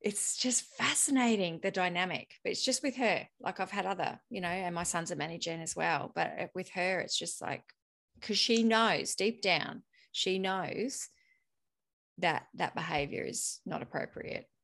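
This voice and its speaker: A woman's voice: fairly low pitch, moderate pace. A woman, hosting a casual conversation and telling stories with frequent laughter. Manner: animated storyteller, laughs often.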